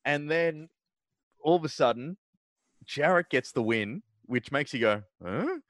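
A man's voice: a little high, measured pace, fairly bright tone, no room sound. A man co-hosting a podcast, chatting casually in rambling recaps full of fillers. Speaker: podcast co-host. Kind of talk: casual chat.

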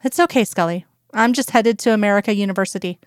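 A woman's voice: mid-range voice, fast, clean tone, dry recording, studio quality, lightly acted. A woman voicing a restless, offhand male agent in a story reading, in her own voice.

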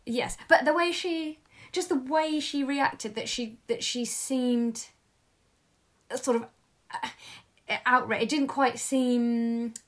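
A woman's voice: sits high, fairly even intonation, slow. A woman talks over a film in easy conversation. She hunts for the right word, backtracks and corrects herself as she goes. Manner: searching for words, self-correcting. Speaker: film reviewer. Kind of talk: casual film discussion.

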